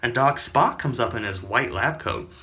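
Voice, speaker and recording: A man's voice: mid-range voice, lively intonation, moderate pace, sharp tone. A man rambles through an absurd comic tale, stopping often for fillers and side remarks. His voice moves up and down a lot as he talks. He sounds like an offhand comic storyteller. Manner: rambling, full of fillers and asides.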